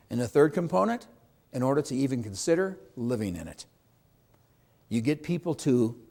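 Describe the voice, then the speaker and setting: A man's voice: mid-range voice, gravelly, a little mellow. A middle-aged man teaching real estate agents at a seminar, speaking emphatically, asking the room questions and acting out what clients say. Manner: emphatic, asks the audience questions, acts out client quotes. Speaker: real estate sales trainer. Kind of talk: seminar talk to a live audience.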